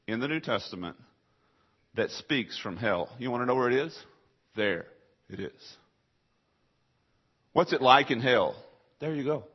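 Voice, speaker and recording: Husky preacher with big dynamic swings. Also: male voice. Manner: dramatic swings between soft low passages and loud high rising questions; rhetorical call-and-response questions to the congregation. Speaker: pastor. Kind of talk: sermon. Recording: dull lo-fi sermon recording.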